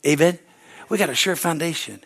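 Male pastor, fervent sermon, hallelujahs, raised fairly high voice. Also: fairly quick, vocal fry, breathy edge. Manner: rising into excited preaching with hallelujahs.

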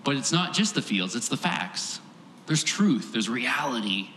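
A man's voice: medium pitch, big pitch swings, unhurried, sharp tone, slight background noise. A man preaching a sermon as pastor, earnest and emphatic, stacking repeated phrases for effect. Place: large church hall. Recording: echoey hall with long reverb.

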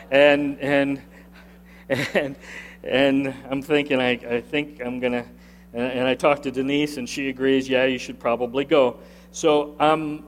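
A male pastor preaching a sermon, telling a personal story in an earnest, emphatic way that climbs higher at the key points. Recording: long reverb of a large hall.

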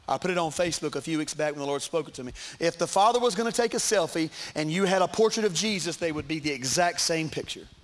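High-voiced preacher. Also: male voice, expressive, quick pace, few pauses. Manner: emphatic, repetitive preaching with asides to the congregation. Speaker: pastor. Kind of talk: sermon. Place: church.

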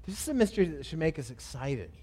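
A man's voice: a little high, big pitch swings, fast talker, warm tone, slightly rough, in a large hall. A male pastor preaching a sermon, asking questions and answering them himself in an emphatic delivery.

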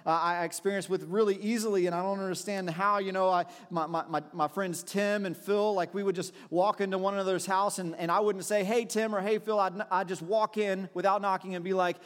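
A man's voice: high-pitched, steady tone, a little fast, few pauses, a bit bright, clean tone, big-room sound. A man preaching a sermon, telling personal stories in a reflective way with frequent restarts. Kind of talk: sermon with storytelling.

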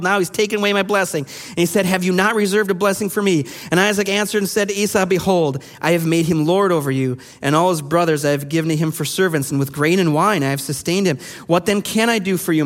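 A man preaching a sermon, reading scripture aloud and explaining it in an animated way, acting out the quoted voices. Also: high-pitched. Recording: long hall reverb.

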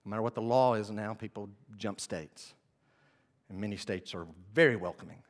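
A man preaching a sermon, telling the story with animated swings between hushed and loud. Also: on the low side, normal speed. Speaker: pastor. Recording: long hall reverb.

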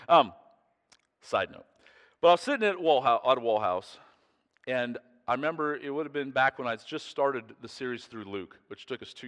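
A man's voice: mid-range voice, a bit bright. Man preaching in an echoing hall. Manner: chatty, self-interrupting, chuckles often. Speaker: pastor. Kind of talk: conversational sermon storytelling. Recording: long hall reverb.

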